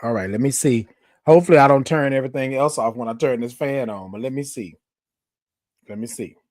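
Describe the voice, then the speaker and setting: A man runs a motivational livestream, speaking fairly quickly in a mid-range, slightly mellow voice. He addresses viewers head-on with emphatic affirmations he keeps repeating.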